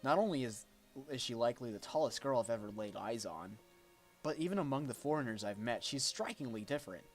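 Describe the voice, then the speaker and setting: A man's voice: medium pitch, lively intonation, a little fast, faint music behind. A man streaming a visual novel, reading its narration aloud with small slips and restarts. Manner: reads aloud with small slips, jokes with a friend.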